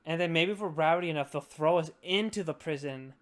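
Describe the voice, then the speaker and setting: Here a young male podcast host slurs through drunken, casual talk, meandering from point to point and cursing freely. The voice is a little high and the delivery fairly quick.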